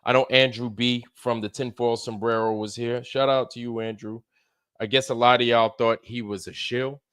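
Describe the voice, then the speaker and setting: Male stream host, crisp bright voice, dry booth sound, rambling and salty. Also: mid-range voice, little pitch movement, normal speed, dry recording. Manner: profane, rambling, laughs often. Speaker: livestream show host. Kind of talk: casual chat.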